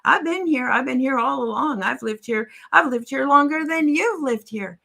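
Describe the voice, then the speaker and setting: A woman voicing a wise, warty old male toad in a told story, speaking in a matter-of-fact way close to her own high voice. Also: normal speed, creaky, pushed and bright, full character voice. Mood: calm.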